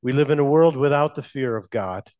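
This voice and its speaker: A man preaching a sermon as a pastor, speaking in slow, measured phrases with emphatic pauses and asking the congregation questions. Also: medium pitch, darkish tone, muffled recording.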